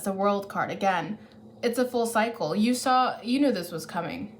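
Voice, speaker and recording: A woman's voice: medium pitch, animated, moderate pace, slight background noise. A woman giving a casual tarot reading who thinks aloud and corrects herself as she goes, caffeinated. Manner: chatty, thinks aloud, restarts and self-corrects. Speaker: tarot reader.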